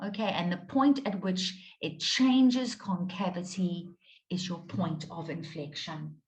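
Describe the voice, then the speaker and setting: A woman's voice: fairly low pitch, takes it slowly. Patient woman teaching maths in a roomy space. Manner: patient, checks in with students often. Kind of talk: live online maths lesson. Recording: roomy echo.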